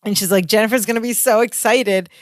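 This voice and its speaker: A woman's voice: mid-range voice, steady tone, fast talker, no room sound, studio quality. A woman co-hosting a podcast, casually recapping a sitcom episode and acting out the characters' lines as she goes. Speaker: podcast co-host.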